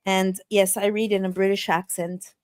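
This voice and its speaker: A woman's voice: mid-range voice, level tone, normal speed, no echo, studio quality. A woman hosting a podcast interview, talking in a chatty, loose way with frequent restarts. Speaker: podcast host. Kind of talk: casual interview chat.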